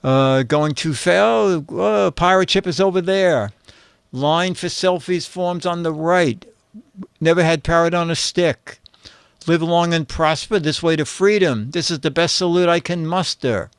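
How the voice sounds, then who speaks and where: A man hosting a casual comedy show, reading out photo captions and trading jokes in an unhurried way. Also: on the high side, vocal fry, clean tone, no room sound. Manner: unhurried, reads captions aloud with dry jokes.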